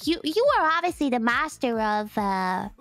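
Woman streamer, high and animated; excitable, giggly casual chat. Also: moderate pace, soft background music. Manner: excitable, laughs often, gushing.

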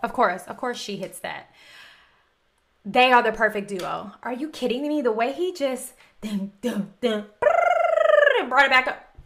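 A woman's voice: a little high, moderate pace, noisy background. A woman reacting to a music performance in a gushing, exclamatory way, talking over the song. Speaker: music reaction video host. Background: music playing.

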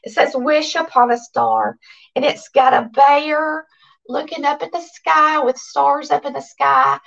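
A Southern woman hosting a cooking channel, chatting casually and excitedly to her viewers as she reads their cards aloud. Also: sits high, unhurried, gravelly, distant mic, highs cut off.

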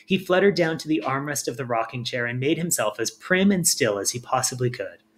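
A man narrating a storybook in a calm, measured reading voice. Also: medium pitch. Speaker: audiobook reader.

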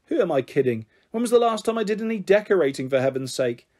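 A cheerful dad teases and jokes warmly with his daughter in a storybook, as a man reads him out. His tone is affectionate and self-mocking, pitched on the higher side. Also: sing-song, fast. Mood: wry. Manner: jokey and affectionate.

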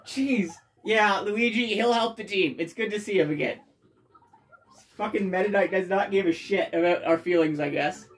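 Excitable, swearing let's play gamer. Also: medium pitch, moderate pace. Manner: excitable, loud bursts of cheering, frequent swearing. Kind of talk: game commentary. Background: faint game music.

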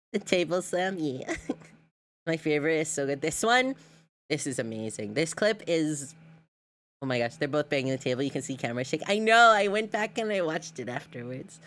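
A woman's voice: deep voice, animated, normal speed. A woman streamer chatting casually while reacting to clips, giggly and talkative with lots of fillers.

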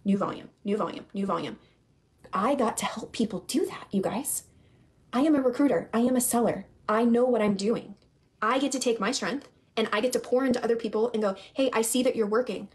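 A young woman recruiter giving an emphatic, repetitive sales pitch to her team, often calling them "you guys". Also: brisk. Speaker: network marketing recruiter.

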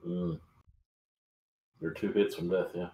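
A man chatting casually as a tabletop game player, thinking out loud and asking questions. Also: low-pitched, level tone, slow. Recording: echoey room.

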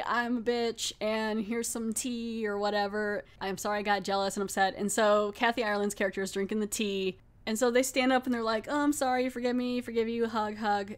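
A woman podcast host walks through a horror episode scene by scene in a relaxed, talkative voice. She laughs often and slips into mocking voices when quoting the characters. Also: mid-range voice. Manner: chatty, laughing, acting out characters' lines in a mocking voice. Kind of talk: casual episode recap.

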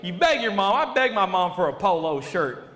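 A man doing a high-energy stand-up comedy set on a live club stage, rambling and chuckling often. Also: sing-song, moderate pace, fairly bright tone. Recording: echoey hall with audible noise.

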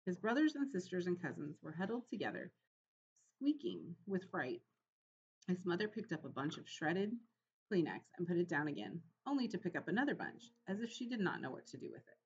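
A woman narrating a children's storybook in an expressive reading voice. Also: on the low side. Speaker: audiobook reader. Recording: slightly muffled, faint hiss.

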